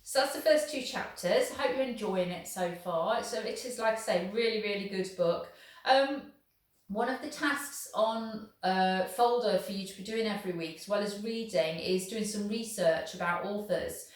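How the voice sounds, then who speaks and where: A woman teacher reading a novel aloud to her class in a steady, encouraging way. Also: medium pitch, normal speed, distant mic. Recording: echoey room, voice off the mic.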